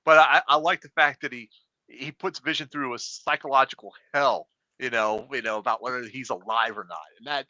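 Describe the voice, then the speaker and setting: A man hosting a podcast, eager and loose, with many fillers. His voice is very bright and tense, heard dry and close. The recording is a little dull and lo-fi. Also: medium pitch, steady tone, a little fast, no room sound. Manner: enthusiastic, filler-heavy. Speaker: podcast host. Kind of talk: casual chat. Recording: slightly dull lo-fi sound.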